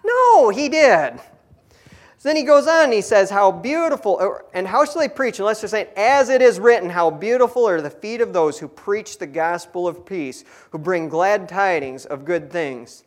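Folksy high-voiced preacher. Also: male voice, lively intonation, normal speed, few pauses. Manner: folksy, with frequent asides. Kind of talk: conversational Bible teaching.

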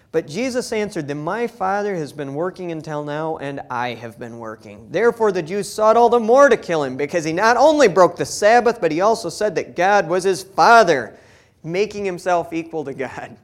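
A man's voice: high voice, expressive, moderate pace. A man preaching a sermon as pastor, folksy and emphatic, reading scripture aloud between plain-spoken asides.

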